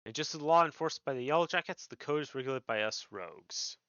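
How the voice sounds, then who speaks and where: A man's voice: fairly high pitch, expressive, quick pace, a bit bright, smooth, no room sound. A man voicing a sly, jovial male rogue guild master, chatting in cheery thieves' slang in a dull, dry game recording. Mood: storytelling.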